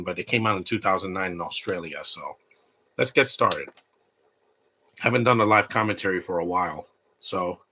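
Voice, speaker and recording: A man's voice: fairly low pitch, bright, forceful tone, a little hiss or hum. A man hosting a casual live movie commentary, rambling and opinionated with blunt asides.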